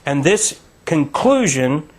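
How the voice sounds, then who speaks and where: A man's voice: on the high side, sing-song, slow pace. A man leading a Bible study in a conversational, emphatic teaching style, asking listeners to read verses aloud.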